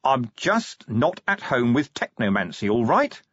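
A man's voice: medium pitch, sing-song, a little slow, fairly bright tone, breathy edge, no echo, highs cut off, full character voice. A man playing a weary, blunt middle-aged city watch commander who grumbles his lines. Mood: gruff.

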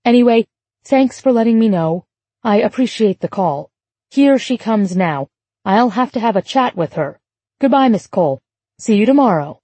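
A woman voicing a brisk adult mother who questions her young daughter firmly and pointedly, read as part of an audiobook. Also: fairly high pitch, animated, warm tone, no room sound.

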